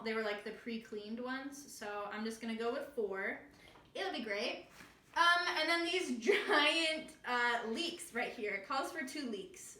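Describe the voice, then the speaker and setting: A young woman with a slightly high, sharp-toned voice hosts a casual library cooking tutorial from a home kitchen, with echoey room sound. She's chatty and self-deprecating, joking through her kitchen mishaps.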